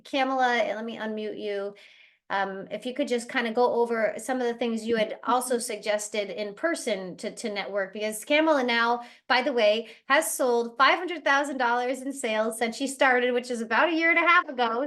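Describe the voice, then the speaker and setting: A woman's voice: on the high side, fairly bright tone. A woman who owns a travel business, chatting casually as she coaches her team on sales and now and then acting out other people. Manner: chatty, acts out other people in quick bursts. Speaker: travel agency owner leading team training. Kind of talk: casual motivational training talk.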